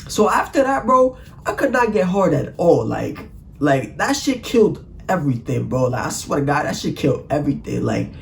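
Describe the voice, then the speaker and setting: A young man telling a profane, animated story in a casual vlog, full of "like" and "bro.". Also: fairly high pitch, moderate pace, vocal fry, slight background noise. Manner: animated, profane, slang-heavy, constant "like" and "bro".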